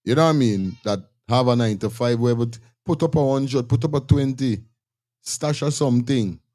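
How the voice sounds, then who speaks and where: Blunt Guyanese man, mellow tone. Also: mid-range voice, fairly quick. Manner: blunt, stammering restarts. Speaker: host. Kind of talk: casual commentary.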